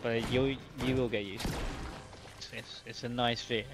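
A man joking and rambling during a casual game stream, apologizing quickly after a bad joke. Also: medium pitch, little pitch movement, background noise. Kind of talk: casual gaming chat.

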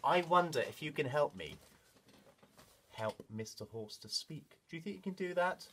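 A man's voice: fairly high pitch, expressive, moderate pace, a bit bright, slight background noise. A man presenting a children's music lesson, talking straight to the young class in a playful, encouraging way.

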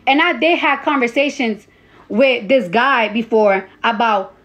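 A woman's voice: a little high, unhurried, a bit bright. A woman in her early thirties on a phone livestream, ranting bluntly and profanely and repeating lines for emphasis. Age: 30s. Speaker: social media personality. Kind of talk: casual livestream rant. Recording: slightly dull lo-fi phone audio.

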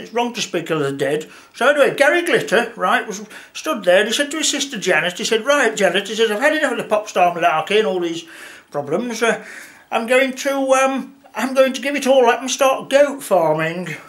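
A man's voice: high-pitched, fairly bright tone. A man with an English accent playing a grumbling older male politician who rambles through a sarcastic comic rant in an empty room. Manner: moaning, rambling rant with mock-official asides. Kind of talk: comic character monologue.

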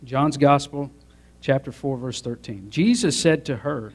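A pastor with a darkish, mid-range voice delivers a sermon at a moderate pace. He invites the congregation to take part and climbs toward emphatic peaks.

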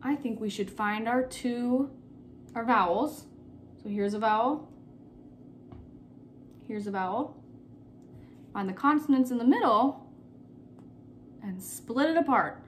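A woman teacher giving a recorded phonics lesson to children, patient and repeating key words slowly. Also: on the high side, slight background noise.

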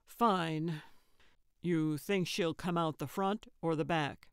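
A woman's voice: low voice, slow, clear, resonant tone, dry recording. A woman voicing a weary, grumbling older man who sounds dry and grudging.

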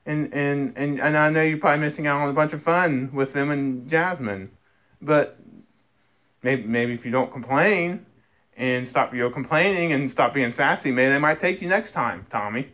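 A man's voice: on the high side, moderate pace, a bit bright, muffled recording. A man, talking to his cats and scolding them, stammering and restarting as he goes. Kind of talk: casual talk to pets.

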